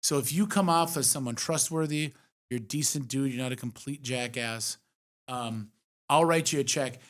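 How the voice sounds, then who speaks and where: A man co-hosting a podcast as an investor, talking frankly with casual swearing and animated asides. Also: medium pitch, moderate pace. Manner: frank, profane, animated storytelling. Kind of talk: casual chat.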